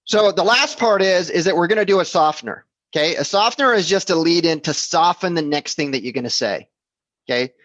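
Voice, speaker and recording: Male sales trainer, slightly higher voice, casual and repetitive, dry close sound. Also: expressive, fairly quick, a bit bright, dry recording, muffled recording. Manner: conversational, repeats himself, checks in with "okay?" and "right?". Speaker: real estate sales trainer. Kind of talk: casual instructional talk.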